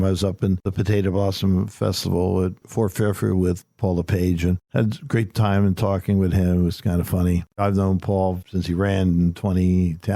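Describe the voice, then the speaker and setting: An older man with a low, gravelly voice tells stories in a folksy, emphatic way. He is a guest on an interview show, and the sound is dry and close with no room around it. His delivery stays casual and conversational. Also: dark tone, no echo. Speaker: political candidate, guest.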